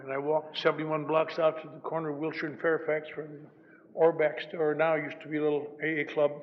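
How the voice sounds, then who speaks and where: An older man speaks at a recovery meeting in a fairly high voice and tells his story with wry, self-mocking humor. It is a dull old recording with a long hall echo and faint background hiss.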